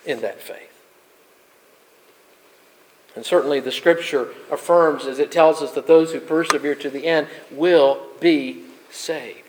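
A man preaching a sermon as pastor, building emphatic peaks and dropping to soft asides. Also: on the high side, fairly even intonation, unhurried, pauses often, low-quality recording.

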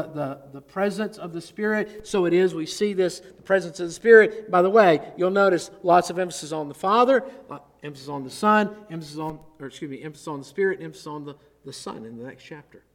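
A man with a notably high voice delivers an earnest expository sermon. He swells on important words and lets his phrases fall away quietly. The sound carries a long hall reverb. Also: a little fast, hardly any pauses. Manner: earnest, varies loudness, drops low at phrase ends. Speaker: pastor.

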